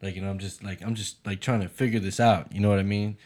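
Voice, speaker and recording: A man's voice: lowish voice, steady tone, quick pace, darkish tone. A man telling a long story in casual chat, laid-back, with lots of fillers and swearing.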